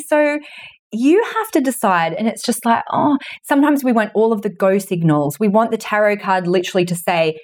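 A woman in her forties chats easily as a podcast guest, moving through her stories in a conversational way. Her voice sits at a middle pitch. When she quotes other people she lifts into exaggerated voices. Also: moderate pace, a little mellow. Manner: storytelling, acting out quoted voices with big pitch jumps. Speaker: guest, money mentor and author.

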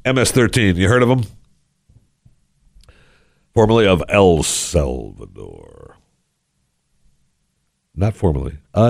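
A man's voice: sits low, a little mellow, no echo, clean studio sound. Wry drawling male radio host. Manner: put-on folksy drawl, wry and sarcastic. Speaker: radio talk show host. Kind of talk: casual talk radio monologue. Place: radio studio. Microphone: headset.

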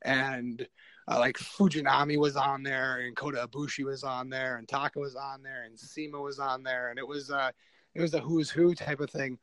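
A man, a wrestler guest, telling stories in a rambling, animated way with many restarts. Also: mid-range voice, normal speed, no echo, poor audio. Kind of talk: casual storytelling.

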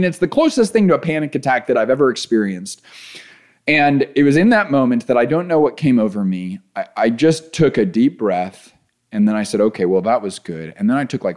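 A man casually telling a personal race story, animated, with his voice climbing high as he relives panic and dropping low and calm as he describes settling down.

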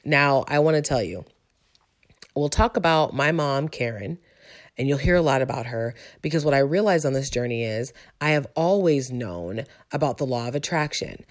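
A woman's voice: rumbling low, animated, normal speed. A woman in her forties sharing a personal testimony about her faith and mindset in a reflective, conversational way, with frequent ums. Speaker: teacher sharing a personal story.

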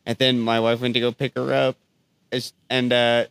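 A man's voice: medium pitch, completely flat delivery, normal speed, creaky, a bit bright, clear, resonant tone, no echo. A man co-hosting a podcast, telling profane stories in casual chat and laughing often. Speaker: podcast co-host.

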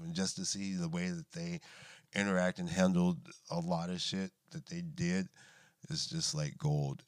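Deep, smooth-voiced man telling stories. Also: fairly bright tone, dry recording. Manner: laid-back, swears often, laughs through stories. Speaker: guest. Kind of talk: casual storytelling chat.

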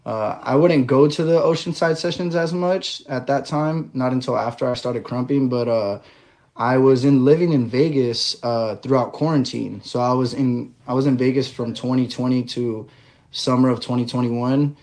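A man guesting on a podcast, telling his story in a relaxed way with lots of fillers. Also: medium pitch, moderate pace. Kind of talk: casual interview chat.

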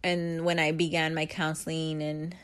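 Speaking at normal speed in a low, even-toned voice, a middle-aged woman offers life advice in a frank vlog. She's in good spirits after a bike ride, and her motivational chat is loose, full of laughs and slang.

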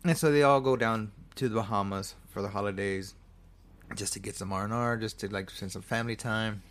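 A man's voice: fairly low pitch, steady tone, fairly quick, a bit bright. A man casually recapping a film plot, rambling, swearing freely and often correcting himself. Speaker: movie reviewer.

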